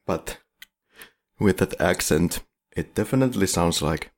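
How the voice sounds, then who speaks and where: A man's voice: low voice, animated, unhurried, darkish tone. A man co-hosting a film podcast in casual chat, wry and leading the questions. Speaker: podcast co-host.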